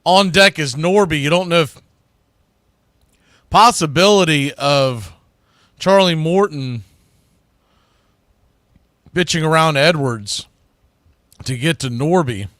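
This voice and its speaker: Bright-voiced male baseball announcer. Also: a little high, animated, slow, long pauses, no echo, studio quality. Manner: corrects himself mid-sentence. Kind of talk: live play-by-play commentary.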